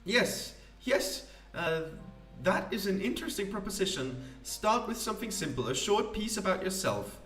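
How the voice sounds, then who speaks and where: A flamboyant, self-important vagrant poet holds court in a game voice-over, put on by a man. The voice sits well above a plain speaking pitch and stretches its ornate sentences out grandly. The sound is roomy, as if picked up from a little away from the mic. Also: sing-song, a bit bright, recorded from a distance, soft background music. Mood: lofty. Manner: grandiloquent, theatrical, drawn-out phrasing.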